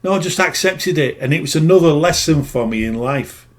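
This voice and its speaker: Speaking briskly and expressively in a fairly high voice, a middle-aged man recounts something from his own life in a casual monologue. He works as a spiritual healer, and his telling is plain, wandering, and full of self-corrections.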